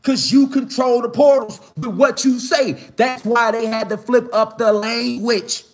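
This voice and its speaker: A man with a strikingly high-pitched voice delivers a fiery, preaching-style monologue in heavy street slang. He talks outdoors in the mountains and climbs from low, steady talk into shouted emphasis. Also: a little slow, soft background music. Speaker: online spiritual speaker.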